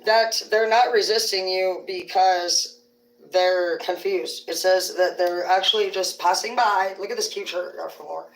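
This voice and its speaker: A woman's voice: lowish voice, steady tone, normal speed. A woman hosting a casual livestream, telling rambling stories full of swearing. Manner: rambling, profane storytelling. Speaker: livestream host. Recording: roomy sound from a distant mic.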